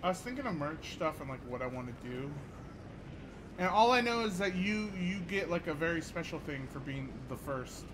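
A woman's voice: sits low, animated, normal speed, background noise. A young woman giving casual commentary as she streams a game, swearing freely and laughing often. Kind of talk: casual live-stream commentary while gaming.

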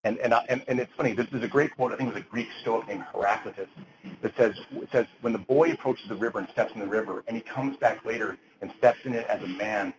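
A man's voice: on the low side, quick pace, noisy background. A middle-aged man lecturing physicians at grand rounds, earnest, quoting literature, with frequent restarts. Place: lecture hall.

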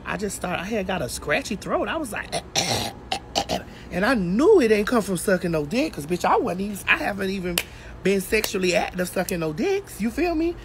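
A woman's voice: medium pitch, background noise. A woman hosting a casual phone livestream outdoors while getting her hair braided, telling a brash, profane story. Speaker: host.

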